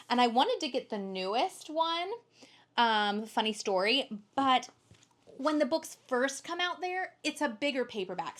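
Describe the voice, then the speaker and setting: A young woman co-hosting a book haul video, chatting casually and bubbly, with lots of "like" and the odd swear word. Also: fairly high pitch. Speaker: booktuber co-host. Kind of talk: casual chat.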